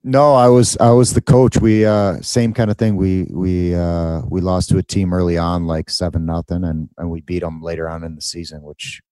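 A man in his forties trades teasing, laughing banter as a podcast co-host, proudly opinionated. His voice is very low, recorded close and dry on a studio mic. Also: little pitch movement, normal speed, few pauses, warm tone, dry recording. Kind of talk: casual chat.

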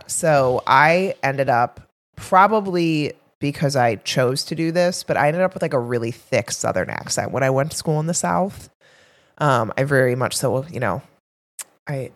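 A woman's voice: a bass voice, a little slow. Chatty woman podcast co-host. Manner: rambling, with many fillers and restarts. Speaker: podcast co-host, health coach. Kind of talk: casual podcast chat.

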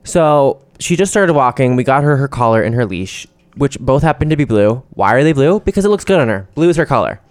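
A campy, chatty man co-hosts a podcast in a casual back-and-forth, swearing freely. His voice is smooth and clear, sitting in a middle range. The sound is dry and close. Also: medium pitch, sing-song, a little fast, few pauses, darkish tone, dry recording. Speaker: podcast co-host. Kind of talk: casual chat. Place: New York City.

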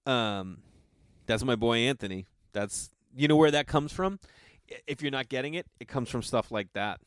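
A man's voice: mid-range voice, animated, normal speed, dry recording, studio quality. A man telling a rambling story in a casual way, with lots of fillers and some swearing.

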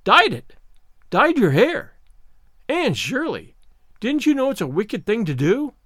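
A severe older woman scolds with sarcasm and sharp demands, as a man puts her on while reading. Her voice is raised high and swings widely. It is recorded close and dry. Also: wildly swooping pitch, moderate pace, no room sound, exaggerated voice. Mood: scolding.

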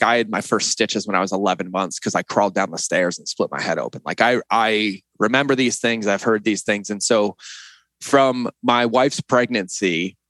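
A middle-aged man with a fairly low voice talks candidly as an interview guest. He sounds earnest and reflective, letting his feelings show. The recording is dry and close, with no room sound. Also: fairly bright tone, no room sound, poor audio. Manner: earnest and reflective, opening up emotionally. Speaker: podcast guest.

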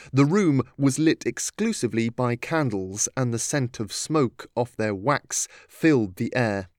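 A man narrating a storybook in a steady, measured reading. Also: mid-range voice, no room sound, clean studio sound. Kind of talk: audiobook narration.

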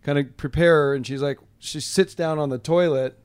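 A man's voice: a little high, steady tone, a little fast, a little mellow, clear, resonant tone. A man co-hosting a podcast, telling a story with jokes and laughter in casual banter. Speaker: podcast co-host.

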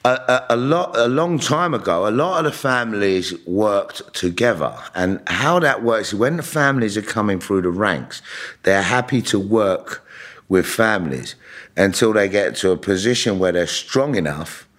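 A man's voice: lowish voice, lively intonation, normal speed, fairly bright tone. A middle-aged man, telling stories bluntly and profanely, often restarting his sentences. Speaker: interviewee. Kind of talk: candid storytelling.

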